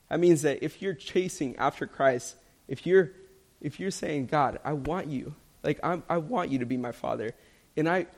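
A man's voice: on the high side, creaky, a little mellow. A young man preaching a sermon, earnest and emphatic, repeating key lines for stress.

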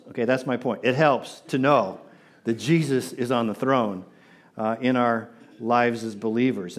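A man preaching a sermon to his congregation in an earnest, repetitive way, often asking them to respond. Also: medium pitch. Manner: earnest, repeats words, asks the congregation to respond. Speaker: pastor.

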